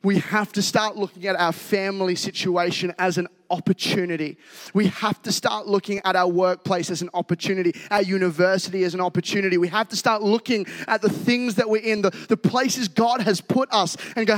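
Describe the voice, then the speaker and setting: A man preaching a sermon as a pastor, conversational and energetic, rising into shouts when fired up. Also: high voice, fairly quick. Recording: reverberant hall.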